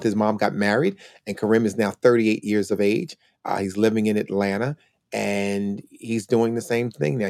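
A man's voice: on the low side, a little mellow, no room sound, studio quality. A man in his sixties, a retired police officer, telling personal stories as a podcast guest in a reflective way. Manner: reflective, acts out quoted family members. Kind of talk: storytelling interview talk.

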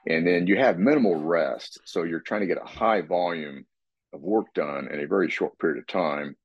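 A man co-hosting a casual podcast, explaining training in a relaxed, rambling way with many restarts. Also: low voice, moderate pace, slightly rough, no echo, muffled recording. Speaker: co-host, fitness expert.

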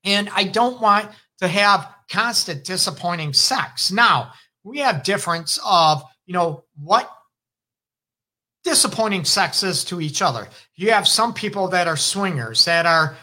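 A middle-aged man with a Detroit accent hosts a casual advice show on relationships. His voice is bright and lively, swinging up into sudden loud exclamations. He talks in an emphatic, animated way. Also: high voice, a little slow. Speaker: relationship counselor and show host.

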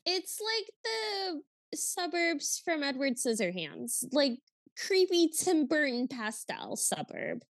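A woman co-hosting a podcast in casual chat, animated and exasperated as she recaps something. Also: high-pitched, slow pace, creaky, no room sound. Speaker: podcast co-host.

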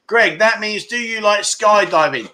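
Bright-voiced man hosting a jokey livestream. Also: high voice, a little slow. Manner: jokey, teasing viewers, laughs often. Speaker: livestream host. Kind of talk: casual livestream chat reading viewer comments.

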